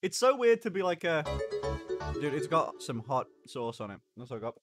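A man's voice: on the high side, big pitch swings, normal speed, over music. A man streaming live in casual chat, joking, swearing and eating on camera. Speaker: livestreamer.

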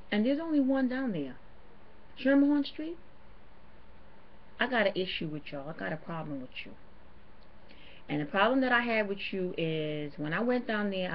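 A woman's voice: mid-range voice, a little hiss or hum. A woman vlogger, ranting to camera in an indignant, emphatic way and hammering her points home. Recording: dull lo-fi home video audio.

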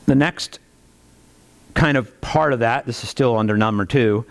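A man preaching a sermon as pastor, animated, with folksy asides and chuckles. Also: moderate pace, long pauses. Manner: animated preaching, rising pitch on rhetorical questions.

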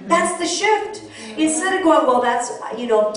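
High-voiced older woman preaching in church. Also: a little slow, very echoey, far from the mic. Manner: animated, storytelling, call-and-response with congregation. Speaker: pastor. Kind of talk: sermon. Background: congregation responding amen.

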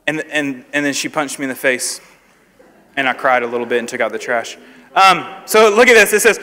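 Young man, youth pastor, high-pitched, conversational sermon, reverberant church hall. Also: quick pace, pushed and bright. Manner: conversational, humorous, asks the crowd questions. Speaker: youth preacher. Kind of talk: sermon to students. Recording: echoey hall with long reverb.

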